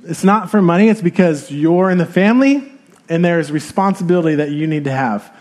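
A man in his thirties giving a sermon, explaining scripture in a relaxed, conversational way with fillers. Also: a little high, a little fast. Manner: light chuckles and filler sounds. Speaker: pastor.

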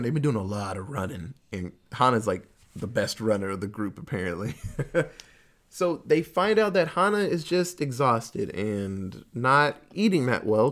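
A man recapping a movie in casual chat, rambling and swearing freely. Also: medium pitch. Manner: rambling, profane, storytelling.

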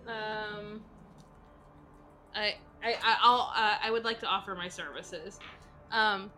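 A woman playing a healer in a tabletop game, speaking gently and tentatively in character. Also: mid-range voice, fairly even intonation, slow, pauses often. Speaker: player.

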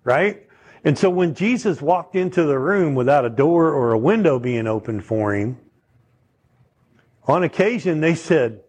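Husky-voiced man preaching slowly. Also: a little high, animated, a little mellow. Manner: conversational teaching, asks the audience questions. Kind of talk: sermon.

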